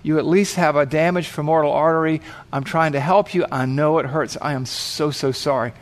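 A man voicing a calm woman paramedic who explains patiently and reassures an injured biker, told as a story within a sermon. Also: fairly high pitch, brisk, natural voice. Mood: reassuring.

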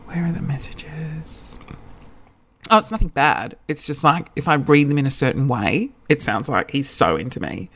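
A man's voice: mid-range voice, lively intonation, a little fast, hardly any pauses, a bit bright, a little hiss or hum. A man, telling a story in a chatty, self-mocking podcast monologue. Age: 30s. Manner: chatty and self-mocking, with campy quoted voices. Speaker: podcast host.

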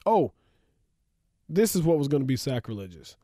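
A man hosts a sports podcast in a loose, chatty way, laughing often and wandering into asides. His voice is mellow and middle-pitched, recorded dry and close. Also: big pitch swings, moderate pace, dry recording. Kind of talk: casual sports talk.

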